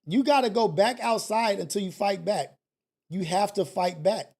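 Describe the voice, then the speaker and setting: A man hosting a live call-in stream, talking casually and preachily, swinging between loud scolding and low murmurs. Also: normal speed, vocal fry. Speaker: host of a live call-in show.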